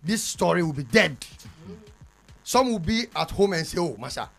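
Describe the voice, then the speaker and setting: A man's voice: sits high, expressive, normal speed, creaky, faint music behind. A Ghanaian man with a Ghanaian English accent, joking and bantering as a panelist on a radio show, laughing often as he makes his point. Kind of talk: lively studio panel banter. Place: radio studio.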